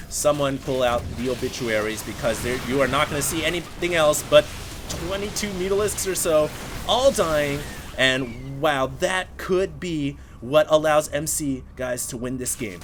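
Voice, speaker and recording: Male esports caster, high-pitched, energetic play-by-play, excited bursts, chatty asides to viewers. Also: moderate pace, noisy background. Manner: energetic, bursts into excited exclamations at big plays. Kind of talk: solo play-by-play commentary of a game replay.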